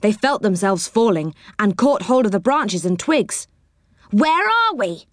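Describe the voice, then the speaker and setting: A woman reading a children's story aloud, expressive and unhurried. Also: medium pitch, no echo, clean studio sound.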